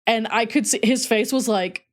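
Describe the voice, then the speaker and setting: A woman's voice: fairly high pitch, moderate pace. A young adult woman streamer telling a rambling story in a casual, chatty way. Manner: chatty, rambling, heavy "like" fillers. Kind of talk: casual storytelling while playing.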